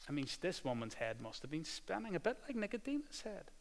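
A man preaching a sermon, swinging between loud proclamation and hushed, intimate passages. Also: fairly high pitch, sing-song, brisk, few pauses, a crowd in the background. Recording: hall reverb.

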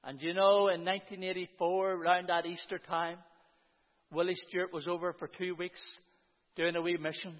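This is a man in his fifties giving a sermon testimony to a church gathering of around 150, sincere in tone and fond of the refrain "and you know, friends." His high voice stays fairly flat in pitch at a moderate speed. The audio is lo-fi and dull, echoing through the hall.

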